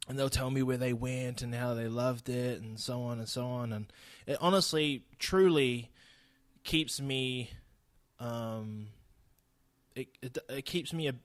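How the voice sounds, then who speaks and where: A man's voice: medium pitch, a little slow, no echo. Laid-back New Zealand man, dry close mic. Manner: blunt, laughing, swears freely. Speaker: podcast host. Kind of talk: casual solo podcast monologue.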